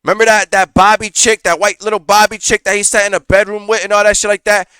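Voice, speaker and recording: Bright, animated male reaction-show host. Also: high voice, fast, clean tone, no room sound, studio quality. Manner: profane, animated rant with frequent fillers. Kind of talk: casual reaction commentary.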